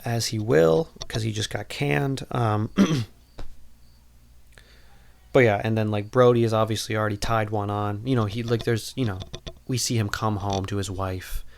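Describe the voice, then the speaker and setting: A man's voice: on the low side, fairly even intonation, normal speed, gravelly, a little hiss or hum. A man hosting a podcast, recapping a movie in a casual, rambling, jokey way, full of "like" and "you know". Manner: jokey and irreverent. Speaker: podcast host.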